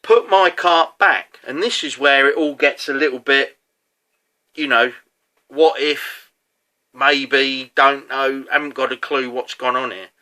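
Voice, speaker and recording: A man's voice: mid-range voice, takes it slowly, sharp tone. A man, a competitive angler, recounting a match in a chatty, casual way, full of fillers and asides. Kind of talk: casual storytelling.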